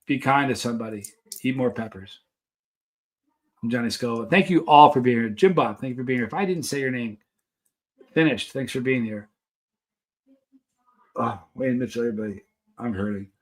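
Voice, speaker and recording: A man's voice: mid-range voice, fairly quick, long pauses. A man hosting a livestream, chatting casually and rambling to his viewers. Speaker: livestream host.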